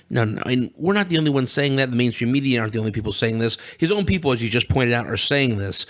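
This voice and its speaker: A man co-hosting a casual political podcast, with a voice of ordinary pitch. He rambles, jokes and laughs often, and keeps the talk loose. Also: animated, fast, hardly any pauses, fairly bright tone. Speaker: podcast co-host.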